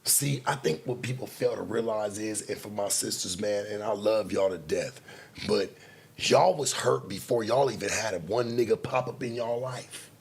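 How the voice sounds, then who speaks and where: A man hosting a late-night show, talking in a blunt, profane casual monologue with sudden loud outbursts. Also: fairly low pitch, moderate pace, vocal fry, slightly rough.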